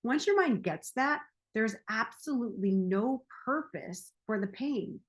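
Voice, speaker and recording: A woman's voice: on the high side, animated, a little slow, few pauses. A woman in her forties, a self-help coach, talking casually and laughing often as she tells a personal story. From United States. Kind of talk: casual monologue.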